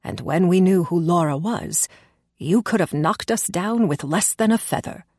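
A woman's voice: fairly low pitch, moderate pace, a little mellow, dry recording, studio quality, natural voice. A woman reading the part of a friendly male resistance worker, explaining in an easy, sly way.

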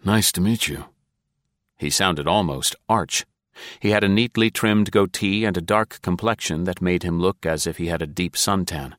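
A male audiobook narrator with a very deep, low voice reads a thriller script steadily and in a measured way. The sound is close and completely dry, like a studio booth, with no room sound.

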